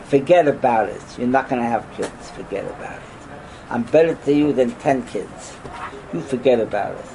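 Teaching Torah against a noisy background, an older rabbi speaks at a moderate pace in a creaky, mid-range voice. He is animated, peppering the class with rhetorical questions and sudden loud outbursts.

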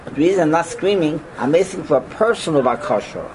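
Animated older man, Torah class lecture, somewhat high for a man, swooping pitch, rhetorical questions, sudden loud outbursts. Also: a little fast, poor audio. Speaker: rabbi teaching a class.

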